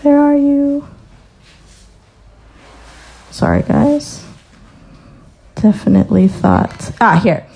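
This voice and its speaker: A young woman gives a casual sermon testimony in a fairly high voice. She tells stories in a lively way, acts out the people in them, and reads scripture aloud. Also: extremely slow, gravelly, long pauses, slightly rough. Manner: lively storytelling with acted-out quotes. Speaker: speaker sharing a testimony.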